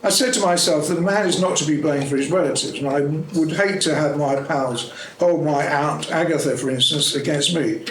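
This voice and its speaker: A man reading a comic short story aloud at a club meeting, in a brisk, playful manner. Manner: brisk, playful reading with lively jumps in pitch between characters. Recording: echoey room with faint background noise.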